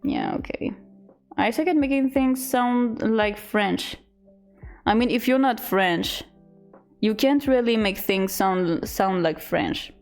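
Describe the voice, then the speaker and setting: A young woman streamer in casual chat, reading out chat messages in a halting, giggly way. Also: mid-range voice, expressive, vocal fry, a little mellow, faint music behind.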